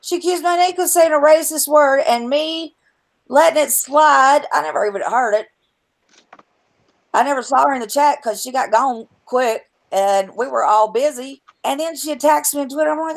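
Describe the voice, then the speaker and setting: A woman's voice: high voice, normal speed, creaky, rough recording. A woman hosting a live stream, telling rambling, blunt, profane stories in casual chat. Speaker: stream host.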